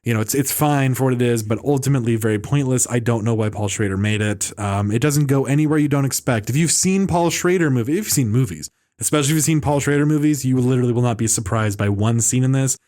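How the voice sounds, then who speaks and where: A man's voice: medium pitch, fast, a little mellow. A man hosting a casual film podcast, rambling through reviews with restarts, fillers and mocking asides. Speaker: podcast host.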